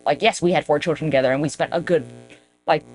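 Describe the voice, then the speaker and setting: A woman's voice: sits low, fast, a little mellow, faint music behind. A woman hosting her own podcast, rambling in a casual, profane, self-mocking monologue aimed straight at her viewers. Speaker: podcast host.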